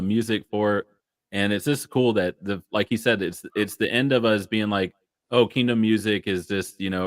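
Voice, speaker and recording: Upbeat male host, low-pitched, dry recording. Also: no echo. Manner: upbeat, introducing the guest. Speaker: event host.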